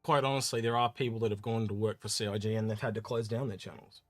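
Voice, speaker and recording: A man co-hosting a casual livestream Q&A, chatty and animated, often trailing off with "so yeah". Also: on the low side, fast talker, crowd noise. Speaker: co-host.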